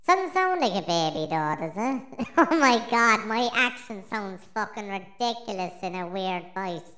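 A man's voice: animated, measured pace, pushed and bright, heavily acted. An Irish man using a voice changer meant to sound like a baby, with an Irish accent, being silly and singsong. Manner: laughing, silly singing. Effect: voice changer, pitched up.

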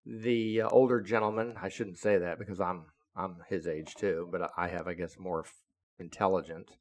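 A man in his seventies, a retired naval officer, telling a story in an indignant, deliberate, lecturing way. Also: low-pitched, steady tone. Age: 70s. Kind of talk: casual storytelling monologue.

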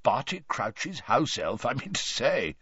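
A man's voice: mid-range voice, sing-song, measured pace, sharp tone, slightly rough, dry recording, exaggerated voice. A man voicing a blunt, self-assured male ministry wizard who speaks sternly and emphatically. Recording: dull lo-fi recording.

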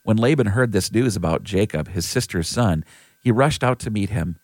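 Brief: steady male scripture reader, expressive low voice, dry studio sound. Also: moderate pace, no room sound. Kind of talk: scripted Bible reading.

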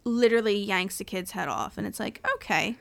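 A woman's voice: mid-range voice, brisk, vocal fry. A woman co-hosting a podcast, chatting casually as she recaps a film scene by scene and acts out the characters' lines. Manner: animated storytelling with acted-out quotes and laughter. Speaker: podcast co-host.

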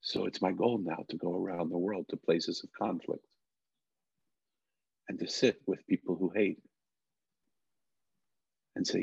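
Middle-aged man, gravelly voice, low pitch, earnest storytelling, dull lo-fi sound. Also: steady tone, darkish tone, dry recording. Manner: earnest, halting restarts. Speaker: guest. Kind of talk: emotional personal storytelling.

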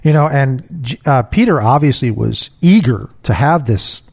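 A man's voice: medium pitch, lively intonation, moderate pace, gravelly, darkish tone, breathy edge. A man co-hosting a casual Bible discussion, picturing scenes aloud and reading verses.

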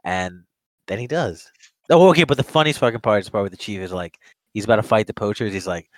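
A man's voice: fairly low pitch, quick pace, no room sound, rough recording. A man reviewing an old monster movie in casual chat, rambling, swearing often and laughing at the story as he retells it. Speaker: podcast co-host.

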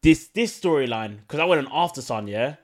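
Lively excitable podcast host. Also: male voice, medium pitch, fairly quick. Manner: excitable, laughs a lot, teasing. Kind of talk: casual chat.

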